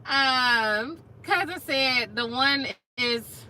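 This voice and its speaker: A woman hosts a casual live stream, reading comments aloud in a playful, slangy way. Her voice sits a little high and comes across bright and forceful. She sounds like she is in her thirties. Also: a little slow, rough recording. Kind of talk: casual chat.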